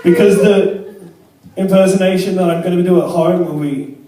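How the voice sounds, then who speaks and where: A man's voice: sits high, steady tone, normal speed, mellow, a little hiss or hum. A young man performing a crude, self-deprecating stand-up comedy set in a club. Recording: echoey club from far off. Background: laughing crowd.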